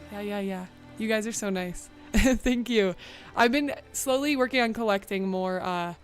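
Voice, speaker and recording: A young woman streamer, bubbly and chatty with lots of "like" fillers, talking casually to her live chat from a room at home. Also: mid-range voice. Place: home room with a bright window.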